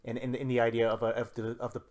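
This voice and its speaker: A man's voice: medium pitch, monotone, quick pace, darkish tone. A man co-hosting a podcast in casual chat, rambling and restarting as he eagerly explains ideas. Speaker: podcast co-host.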